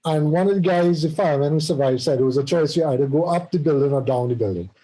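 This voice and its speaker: A man's voice: on the high side, quick pace, dark tone, rough recording. A man hosting a podcast, chatting casually and rambling through stories with restarts and tangents. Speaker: podcast host. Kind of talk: casual chat.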